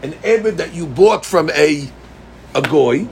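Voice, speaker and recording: A man's voice: a little high, lively intonation, slow pace, darkish tone, slight background noise. A man teaching a Talmud class. He reads the text in a chanting lilt, then explains it plainly and puts questions to his students. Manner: addresses students directly with questions.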